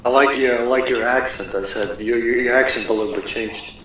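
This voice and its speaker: A man with a Russian accent calls in and speaks haltingly, often pausing to find his words. His line sounds dull and lo-fi. It has heavy echo and a faint hiss. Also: mid-range voice, fairly even intonation, a bit bright. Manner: halting, slow, searches for words. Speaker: caller. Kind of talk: casual call-in chat. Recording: very echoey, dull lo-fi, faint noise.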